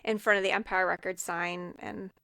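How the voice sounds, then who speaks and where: A woman with a gravelly, creaky edge to her mid-range voice walks through a film's plot in a loose, chatty podcast recap. She talks scene by scene, often pausing on "um". The sound is close and dry, with no room around it. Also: medium pitch, level tone, sharp tone, no echo. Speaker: podcast co-host. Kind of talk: casual film recap chat.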